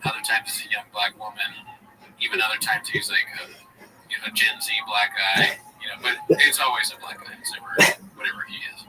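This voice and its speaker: A man's voice: lowish voice, huge pitch swings, brisk, recorded from a distance, music in the background, low-quality recording. A man hosting a livestream, riffing jokingly on clips he is watching. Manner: joking, riffing, laughs often. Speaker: livestream host. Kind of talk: comedic commentary chat.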